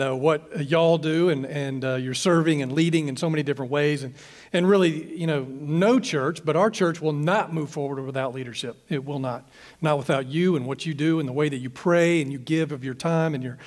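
A male pastor speaks to his church leaders in a loose, conversational way, circling back and restarting his phrases. His voice sits a bit high for a man. A long reverb trails each phrase around the large church hall. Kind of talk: informal talk to church leaders.

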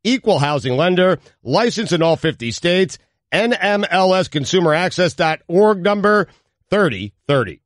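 Brisk radio co-host reading an ad. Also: male voice, high-pitched, sing-song, no room sound. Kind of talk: casual banter and read ad.

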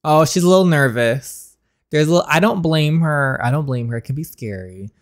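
A man's voice: a little high, animated, a little fast. A man hosting a story-game playthrough, chatting through sympathetic asides. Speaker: let's play host.

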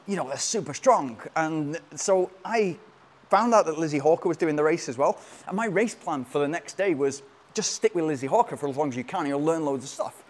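A man with a slightly raised voice recounts a trip in a casual, meandering monologue. He talks the way a running coach chats to his audience, breaking off and restarting his sentences as the story pours out. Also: fairly high pitch. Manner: rambling and animated, with frequent restarts.

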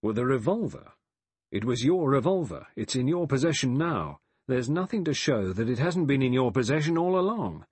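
A man's voice: mid-range voice, big pitch swings, normal speed, a little mellow, husky, no echo. Blunt suspicious bloke, stolid and accusing, a man voicing him, dry close recording. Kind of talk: audiobook character voice.

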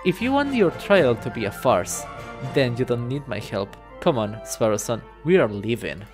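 A man voicing a stern male falcon defense attorney, talking briskly and forcefully. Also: mid-range voice, big pitch swings, soft background music, close to an everyday voice. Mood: indignant.

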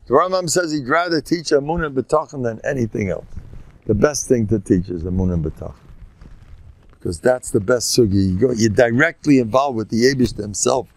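A man's voice: mid-range voice, brisk. An older man, a rabbi giving an informal Torah talk, folksy and joking, sprinkling Yiddish and Hebrew words and jumping between teaching and banter.

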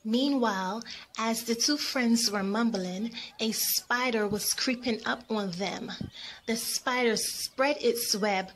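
A woman narrating a children's story in a clear, expressive manner. She reads very slowly in a slightly high voice, with a faint hiss of background noise behind her.

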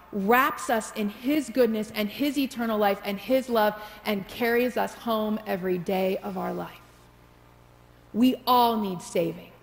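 A woman's voice: medium pitch, gravelly. A woman pastor telling a story in her sermon and leading into prayer, heard in a reverberant church sanctuary. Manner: storytelling preacher, builds to prayer.

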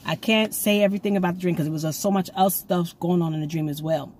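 A woman giving an excitable, rambling prophetic message to her viewers, recorded on her own camera at home. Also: fairly low pitch, quick pace, a little hiss or hum. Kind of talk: casual prophetic video message. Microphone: camera she sets up herself.

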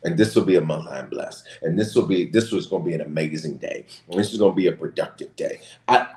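A bishop preaching with impassioned, rising emphasis in a casual church talk. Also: male voice, deep voice, darkish tone, roomy sound.

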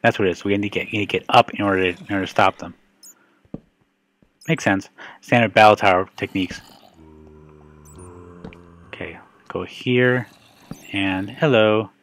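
A man's voice: lowish voice, fairly even intonation, brisk, fairly bright tone. A man giving casual, rambling gameplay commentary as a video host, joking and breaking off his sentences as he plays. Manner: rambling, joking, self-interrupting.

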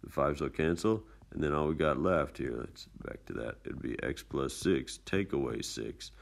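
Very deep gravelly male math teacher. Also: normal speed. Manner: relaxed, chatty explaining with folksy asides. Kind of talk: casual screencast math lesson. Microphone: tablet screencast mic.

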